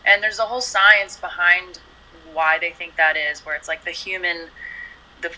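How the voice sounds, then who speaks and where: Woman singer, interview guest, lowish and very bright voice, easygoing and chatty, faint room ambience. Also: moderate pace, low-quality recording. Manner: relaxed, chatty, many "you know" and "like" fillers. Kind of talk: casual interview chat.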